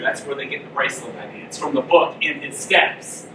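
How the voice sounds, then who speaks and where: A man preaching a sermon as a pastor, telling the story with lively acted-out voices for the characters. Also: mid-range voice, a little fast, hardly any pauses. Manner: animated storytelling, acting out the characters' lines. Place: church hall. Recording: echoey room, mic from a distance, noisy.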